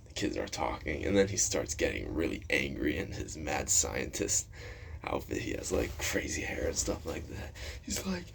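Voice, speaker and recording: A man's voice: rumbling low, sing-song, normal speed, creaky, a bit bright, slight background noise. A man telling rambling school stories in a casual vlog, full of fillers and swearing. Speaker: vlogger. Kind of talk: casual storytelling.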